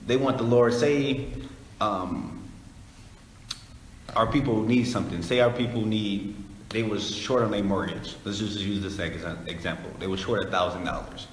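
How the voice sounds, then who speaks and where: A man casually teaching a Bible study, explaining scripture in a conversational, animated way. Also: fairly low pitch, normal speed. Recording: echoey hall, faint noise.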